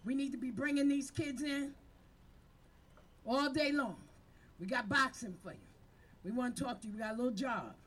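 A woman's voice: high-pitched, moderate pace, pauses often. Fired-up woman preaching to her team. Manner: fiery, preaching, call-and-response. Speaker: community violence-prevention leader. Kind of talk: impassioned speech to a team. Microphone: handheld microphone.

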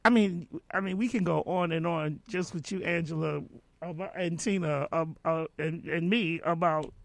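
A woman hosting a casual remembrance chat, animated, with many restarts and frequent laughter. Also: lowish voice, moderate pace, creaky, no echo. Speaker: host.

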